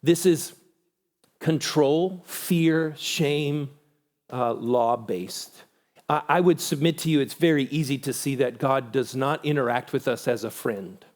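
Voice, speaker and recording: A man giving a church conference talk, animated, acting out quoted voices with big pitch jumps. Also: a little slow. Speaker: conference speaker.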